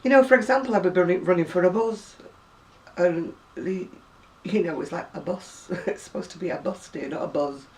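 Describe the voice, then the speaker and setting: Reading out a word list one item at a time, this Lancashire woman in her sixties chats her way through a video reply, wandering into asides and correcting herself. Her Oldham-area accent has mellowed from years near Manchester, her pitch is fairly low and her pace fairly quick. She's a home video blogger, recorded a bit far from the microphone.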